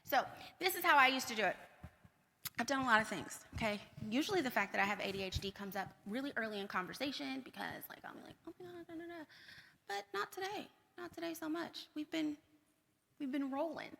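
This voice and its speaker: A woman giving a conference keynote talk, energetic, repeating points for emphasis and checking in with the audience. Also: sits high, brisk, vocal fry. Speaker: keynote speaker. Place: large conference hall. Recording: long hall reverb.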